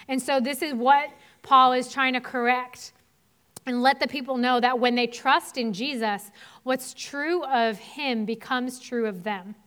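A woman's voice: high-pitched, steady tone, a little slow, fairly bright tone, clear, resonant tone. A young adult woman giving a sermon in a casual, conversational way, with frequent fillers. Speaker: pastor's wife preaching.

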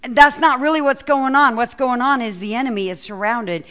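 Animated woman preaching a sermon. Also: a little high, normal speed, clean tone. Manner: animated storytelling, acts out quoted lines. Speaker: pastor. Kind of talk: sermon with scripture reading.

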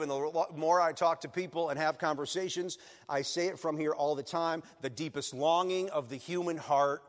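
Man, pastor, sermon, earnest, emphatic peaks, highish voice, echoing church. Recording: long reverb of a church hall.

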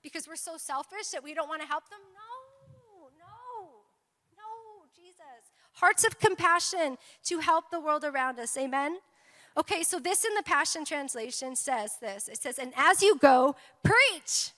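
A woman pastor preaching a sermon in a church, animated, often asking the congregation "amen?" and "okay?". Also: sits high, moderate pace. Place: church sanctuary. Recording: long hall reverb.

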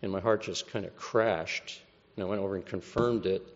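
A man's voice: low-pitched, steady tone, normal speed, long reverb tail, lo-fi sound. An American man giving a wry, conversational testimony, acting out the voices he quotes. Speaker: speaker giving a personal testimony. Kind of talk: storytelling testimony.

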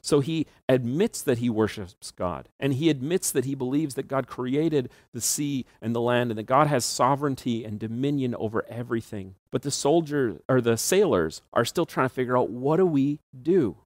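A male pastor preaching a sermon, retelling the story in a relaxed, conversational way with occasional laughs. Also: mid-range voice, moderate pace, hardly any pauses, no echo.

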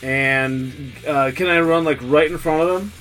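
A man with a slightly high voice, describing his character's actions in a tabletop game. He speaks haltingly, full of "uh" and "like", with faint guitar music behind. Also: fairly bright tone. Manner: halting, lots of fillers and "like". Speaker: player.

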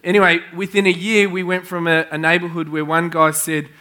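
Excitable preacher with a bright voice. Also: male voice, fairly high pitch, a little fast, clear, resonant tone. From Australia. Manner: energetic, excitable storyteller, chuckling often. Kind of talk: sermon with storytelling. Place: church in front of a congregation.

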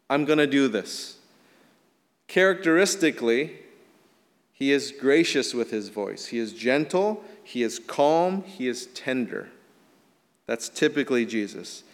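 Man preaching in an echoing hall. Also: medium pitch. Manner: earnest preaching, rising emphatic then dropping soft. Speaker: pastor. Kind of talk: sermon.

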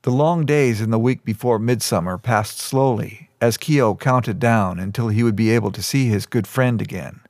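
Steady male audiobook narrator. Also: on the low side, normal speed, hardly any pauses, dry recording.

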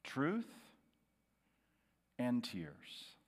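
Middle-aged pastor preaching in an echoing hall. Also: male voice, mid-range voice, wildly swooping pitch. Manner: dramatic preaching, dropping to a hushed, slow voice on key words. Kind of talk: sermon. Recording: long hall reverb.

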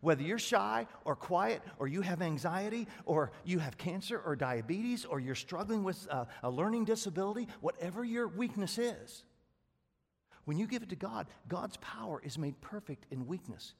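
Fast-talking preacher in a reverberant hall. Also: male voice, high-pitched, expressive, creaky. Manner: fast-talking, self-described; folksy, rural American speech. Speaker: pastor. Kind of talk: sermon. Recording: long reverb of a large hall.

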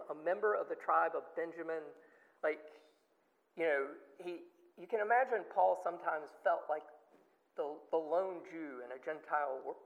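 A man's voice: fairly high pitch, gravelly. A man teaching a Bible study in a chatty, emphatic way, with lots of fillers and restarts. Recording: dull lo-fi sound with long reverb.

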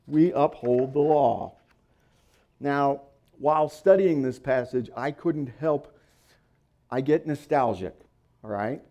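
A man's voice: mid-range voice, slow, long pauses, warm tone, muffled recording. A man preaching a sermon as pastor, teaching through a passage and reading scripture aloud with strong emphasis and the odd playful aside.

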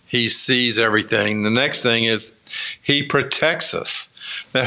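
A man preaching a sermon, telling stories in a slow, conversational way with many pauses and fillers. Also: mid-range voice, pushed and bright. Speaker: pastor.

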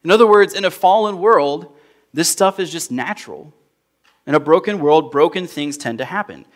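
Man, young adult, pastor, conversational sermon, storytelling, higher-pitched voice. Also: moderate pace. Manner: conversational storytelling, animated when retelling anecdotes.

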